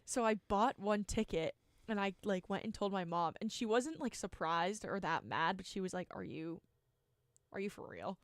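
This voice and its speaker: A young woman around twenty, co-hosting a sports talk show from a college radio studio. She tells stories with animation and peppers them with fillers. Her voice sits at a middle pitch and the sound is dry and close, with no room echo. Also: normal speed. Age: about 20. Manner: animated storyteller, filler-heavy. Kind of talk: casual sports chat.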